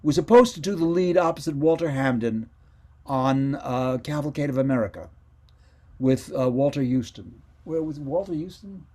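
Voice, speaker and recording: A man's voice: a little high, normal speed, mellow. An older man, a former child radio actor, telling meandering stories as an interview guest on a video call, often correcting himself. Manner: meandering, self-correcting storyteller. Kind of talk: casual reminiscing interview.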